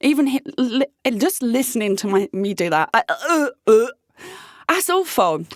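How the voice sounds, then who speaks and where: A woman's voice: a little high, normal speed, dry recording, clean studio sound. Blunt, sweary woman vlogging about dating. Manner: blunt, sweary, animated, laughs often. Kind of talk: casual candid vlog monologue.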